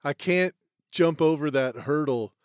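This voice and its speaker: A man's voice: a little high, measured pace, clear, resonant tone, no echo, studio quality. A man co-hosting a comedy podcast, rambling with stammered restarts, swearing, and laughing. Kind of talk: casual comedic banter.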